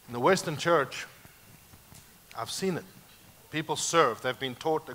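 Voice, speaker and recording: A male pastor delivers a sermon with a bright, forceful tone in a slightly raised register. His delivery is animated, swinging between loud emphatic points and quiet, hushed asides. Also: a little high, measured pace, pauses often, a little hiss or hum.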